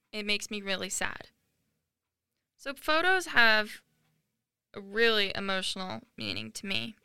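A woman's voice: medium pitch, pushed and bright, smooth, no room sound, studio quality. A young woman in her late teens hosting a podcast, talking earnestly and emotionally in a rambling personal monologue with many fillers. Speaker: podcast host.

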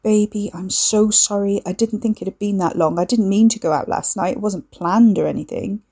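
Woman doing a guilty young guy, mumbly apologies, dark gravelly voice. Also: mid-range voice, normal speed. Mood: apologetic. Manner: apologetic, defensive, faltering. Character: troubled guilty young man, evasive. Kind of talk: audiobook dialogue reading.

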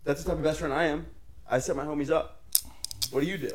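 A man's voice: on the high side, steady tone, fast, noisy background. A young man co-hosting a podcast, brash and profane, talking in casual crude banter with mock indignation. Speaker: podcast co-host.

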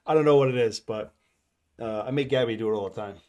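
A man's voice: medium pitch, fast talker, darkish tone. A man hosting a casual podcast chat, rambling and laughing often into a desk microphone. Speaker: podcast host. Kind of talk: casual live-stream chat.

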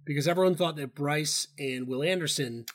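A man's voice: on the high side, a little fast. A man co-hosting a casual sports betting chat, loose and profane, rambling with restarts. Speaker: podcast co-host.

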